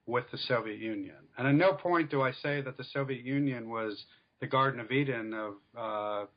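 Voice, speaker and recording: A man of middle pitch explains his points in a measured, academic way and fills his pauses with "uh" and "um". The audio is dull and lo-fi, like a podcast interview recorded over a modest connection. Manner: measured, explanatory, many fillers. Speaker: author and scholar guest.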